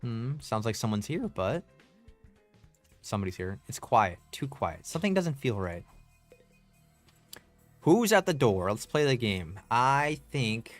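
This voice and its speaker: A man's voice: mid-range voice, big pitch swings, measured pace, pauses often, soft background music. A man streaming a game, chatting in a laid-back, slangy way as he plays. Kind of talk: casual gameplay commentary.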